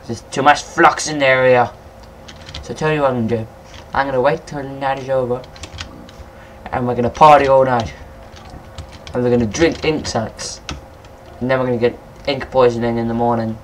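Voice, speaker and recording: A young man giving casual, rambling let's-play commentary, excitable and swearing at monsters. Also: medium pitch, normal speed, a little hiss or hum. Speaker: gameplay commentator.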